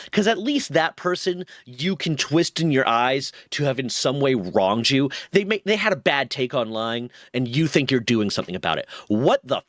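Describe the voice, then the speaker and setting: A man's voice: mid-range voice, expressive, unhurried, a bit bright, dry recording. A man giving heated, profane commentary as a streamer, indignant in tone. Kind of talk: angry commentary.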